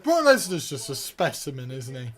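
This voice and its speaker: A man giving live reaction commentary, excitable, repeating himself and breaking into shouts. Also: mid-range voice, normal speed, faint music behind. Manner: excitable, bursts into shouts and laughs; repeats words and restarts in excitement. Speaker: video host reacting to a wrestling event.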